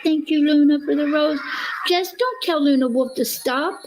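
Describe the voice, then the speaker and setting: Tearful grandmother with a very high voice. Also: normal speed, over music, low-quality recording. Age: older. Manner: pleading, emotional, defensive. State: crying. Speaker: livestreamer. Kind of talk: tearful livestream talk to viewers.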